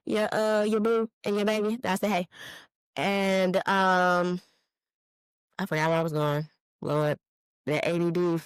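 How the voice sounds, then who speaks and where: A woman's voice: medium pitch, flat delivery, slow, clear, resonant tone, no room sound, poor audio. Chatty late-thirties woman, dry close sound. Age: 30s. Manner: chatty, loses her train of thought, greets viewers mid-sentence. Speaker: podcast host. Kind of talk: casual solo live-stream chat.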